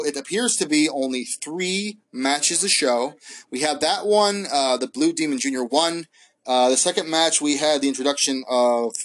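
Rambling man reviewing wrestling shows. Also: fairly high pitch. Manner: rambling, hesitant, many fillers and restarts, laughs often. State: high. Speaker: wrestling podcast host.

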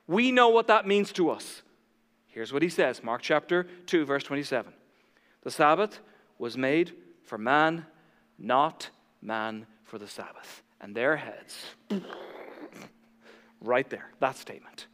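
Animated high-voiced male preacher, hall reverb. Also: a little slow. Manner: animated, acts out voices of critics, swings between loud and hushed. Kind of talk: sermon.

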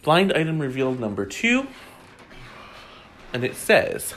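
A man's voice: mid-range voice, sing-song, takes it slowly, long pauses, fairly bright tone, a little hiss or hum. A man hosting a casual gossip podcast, talking in a chatty way with frequent ums and reading items aloud. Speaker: podcast host.

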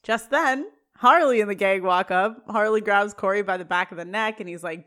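A woman's voice: medium pitch, normal speed, few pauses, fairly bright tone. Chatty woman recapping with quoted lines. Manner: retells scenes with quoted dialogue, laughs often. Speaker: podcast co-host. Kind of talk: casual recap chat.

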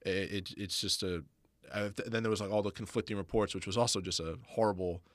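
A man talking as a guest on a podcast, fast and halting, with many restarts. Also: fairly low pitch, fairly even intonation, dry recording, clean studio sound. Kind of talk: casual podcast chat.

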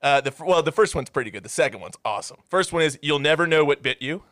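A man's voice: on the high side, expressive, fast talker, fairly bright tone, no echo, studio quality. A young man hosting a movie podcast, enthusiastically running through lists and swearing casually. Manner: enthusiastic, profane, reads stats and lists. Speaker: podcast host.

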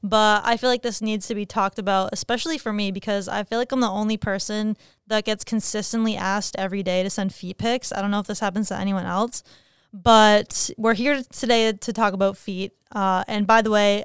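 A woman's voice: medium pitch, clean tone, no room sound, clean studio sound. A young adult woman hosting her own podcast in frank, profane, jokey casual chat. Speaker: podcast host.

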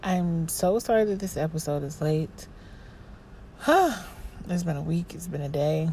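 Podcast host, woman, lowish voice, exhausted, halting monologue diary. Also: warm tone, slight background noise. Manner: weary, halting, restarts and trailing off.

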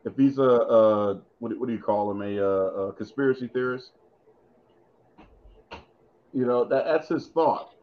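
Man, casual podcast co-host, rambling with fillers, mid-pitched, muffled lo-fi audio. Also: unhurried, pauses often. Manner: rambling, thinks aloud with many fillers. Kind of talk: casual chat about wrestling.

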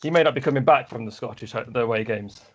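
A man hosts a casual podcast, keeping things moving and closing out the episode. His voice sits at a middle pitch for a man. The audio is a bit dull and lo-fi. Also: fast, slightly rough. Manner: steers the talk, wraps up the episode. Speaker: podcast host.

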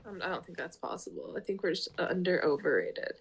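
A woman's voice: on the low side, lively intonation, a little fast, slight background noise. A woman co-hosting a podcast in casual chat, talking chattily with lots of fillers and "like". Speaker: podcast co-host.

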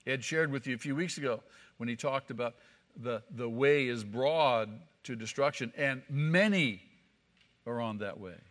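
A man's voice: medium pitch, a little slow, a bit bright. A male pastor preaching an emphatic sermon, repeating key phrases for weight. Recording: long hall reverb.

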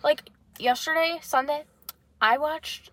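A woman's voice: high voice, slow, sharp tone, no room sound. A young woman co-hosting a casual podcast from a car, telling chatty stories and teasing her friend. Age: young adult. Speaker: podcast co-host. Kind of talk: casual chat. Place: parked car.

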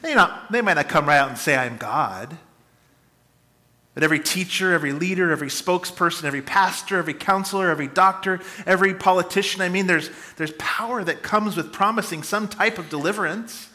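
A man delivers a sermon with dynamic, swinging emphasis, rising loud and dropping to quiet asides. His voice is bright and forward, sitting a little high for a man. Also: fast, hardly any pauses. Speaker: pastor.

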